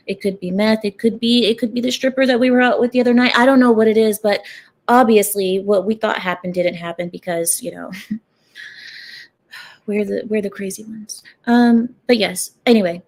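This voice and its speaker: Young woman vlogger, sarcastic, rambling, chatty rant to camera. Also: mid-range voice. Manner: sarcastic, rambling, talks straight to viewers. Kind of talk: casual talking-head rant.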